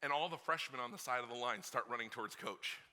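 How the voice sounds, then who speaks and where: A man preaching a sermon as pastor, telling a story in an animated way that swings from hushed to shouting. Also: medium pitch, fast.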